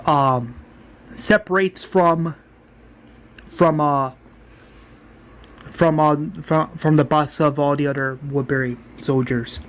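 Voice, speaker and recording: A man's voice: fairly high pitch, slight background noise, poor audio. A man casually retelling a story, rambling and often restarting his sentences.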